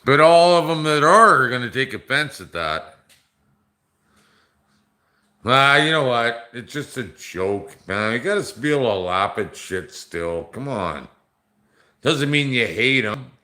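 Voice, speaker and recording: A man's voice: medium pitch, expressive, unhurried, long pauses, bright, forceful tone. A middle-aged man, a bit drunk, rambling and joking off-color with viewers on a casual livestream. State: tipsy from drinking. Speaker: livestream host.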